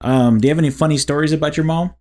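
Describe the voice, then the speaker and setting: A man's voice: on the high side, fairly even intonation, very fast, a little mellow. A man co-hosting a podcast, chatting casually in a rambling way, full of fillers and "dude". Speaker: podcast co-host. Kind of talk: casual chat.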